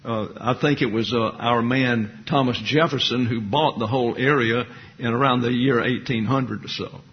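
A man's voice: medium pitch, fairly even intonation, moderate pace, lo-fi sound, slight background noise. A man giving a history lecture, reading passages and adding conversational, opinionated asides. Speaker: teacher.

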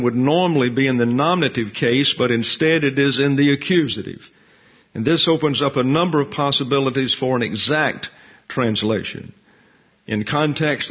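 A man teaching a detailed Bible lesson in a measured, deliberate way, slowing down when he reads scripture aloud. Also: mid-range voice. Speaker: pastor. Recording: dull lo-fi recording.

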